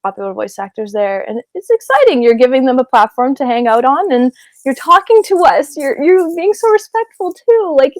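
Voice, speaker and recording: Giggly, gushing woman with a brightish voice. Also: high-pitched, very animated, moderate pace, no echo. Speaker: voice actor being interviewed. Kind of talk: casual interview chat.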